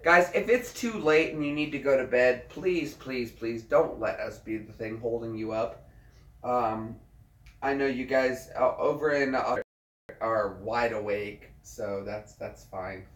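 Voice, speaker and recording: A man's voice: mid-range voice, a little slow. A man hosting a late-night live stream from home, chatting casually and talking straight to his viewers. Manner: chatty, addresses viewers directly. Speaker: livestream host. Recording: roomy echo, away from mic.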